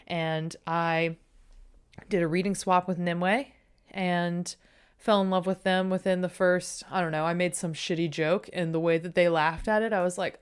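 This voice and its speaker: A woman hosting her podcast, chatty and self-deprecating, swearing freely and a bit low on energy. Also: moderate pace, clear, resonant tone. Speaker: podcast host. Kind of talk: casual solo podcast intro.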